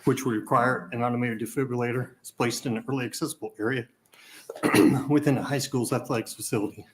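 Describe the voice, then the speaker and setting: A man testifies before a committee from prepared remarks. He is out of breath and stops now and then to clear his throat. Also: medium pitch, fairly even intonation, quick pace, rough recording. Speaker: advocacy testifier. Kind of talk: formal legislative testimony. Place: legislative hearing room.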